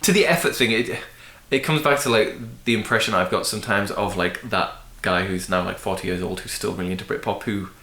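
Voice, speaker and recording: A man's voice: lowish voice, a little fast, few pauses, fairly bright tone. A young man hosting a casual music podcast, thinking aloud with frequent restarts and fillers. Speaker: podcast host. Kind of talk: casual chat. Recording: roomy echo.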